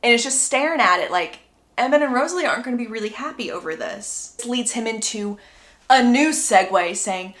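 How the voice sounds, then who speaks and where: A young woman tells a story in a lively, sassy, gossipy way, her voice swooping high and low. Her tone is bright and sharp. The room gives her voice a noticeable echo. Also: a little fast. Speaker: book recap creator. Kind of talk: casual storytelling recap. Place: indoor room. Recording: roomy echo.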